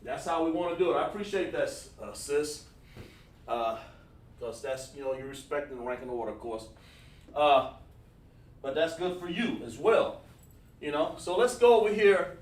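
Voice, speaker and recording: A man with a fairly high voice teaches a livestreamed language lesson at a normal pace, leaving long pauses. He's relaxed and repetitive, thinking aloud and praising students by name as he writes on a board. He's far from the mic in an echoey room.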